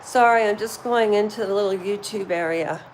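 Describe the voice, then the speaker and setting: A woman's voice: medium pitch, normal speed, a little hiss or hum. A woman from Canada, hosting a casual live chat from home and rambling through asides and fillers. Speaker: livestream host. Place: at home while cleaning.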